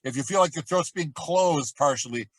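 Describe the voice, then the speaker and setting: A middle-aged man leads a vocal warm-up lesson with a fairly high voice. He explains in a relaxed, chatty way and breaks into loud demonstration calls. The sound is dry and close, with no room around it. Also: moderate pace, no echo, poor audio. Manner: demonstrates exercises with loud sung shouts and quacks. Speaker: voice coach.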